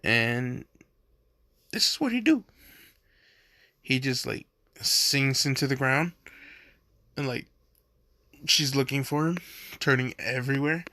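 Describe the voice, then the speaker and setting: A man's voice: mid-range voice, animated, takes it slowly, pauses often, pushed and bright, dry recording. A young man casually telling a fan story, rambling with lots of "like" and jumping into quoted voices.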